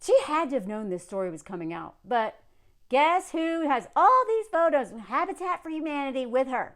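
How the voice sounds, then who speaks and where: A woman in her thirties talking in a casual commentary vlog, animated and sarcastic, rambling with lots of fillers and restarts. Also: sits high, normal speed. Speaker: commentary creator.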